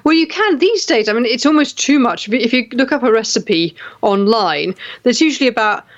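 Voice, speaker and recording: A woman's voice: fairly high pitch, expressive, fairly quick. A woman from England co-hosting a casual radio chat, teasing and chatty. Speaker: radio show co-host. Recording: dull lo-fi sound.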